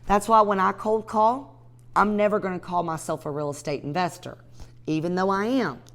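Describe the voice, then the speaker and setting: A woman teaching a live class on real estate cold calling. She talks to her students by name in an energetic, direct way. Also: medium pitch, normal speed. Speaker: real estate investing instructor.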